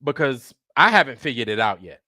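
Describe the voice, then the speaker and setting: A man's voice: mid-range voice, sing-song, fairly quick, pushed and bright, no room sound, studio quality. A man hosting a livestream, ranting sarcastically with heavy swearing and greeting viewers in chat by name. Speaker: livestream host.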